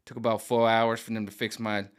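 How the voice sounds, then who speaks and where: A man ranting to camera in an animated, mocking, rambling monologue. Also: fairly low pitch, a little fast, clean tone. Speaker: vlogger. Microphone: camera on gimbal.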